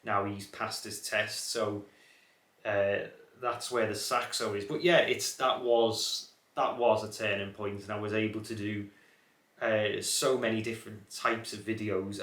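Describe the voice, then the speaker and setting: A man's voice: fairly low pitch, a bit bright. A young man with a watered-down Scouse accent, chatting casually to camera as a car channel host, rambling with many fillers and restarts. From Liverpool area, England. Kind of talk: casual reflective chat to camera. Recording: echoey room.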